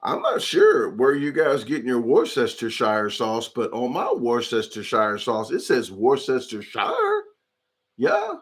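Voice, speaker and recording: Brief: male streamer, mid-pitched, loose rambling chat with viewers. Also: huge pitch swings, unhurried, hardly any pauses, husky. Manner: rambling, chatty, reads chat comments aloud. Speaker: livestream host. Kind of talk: casual livestream chat.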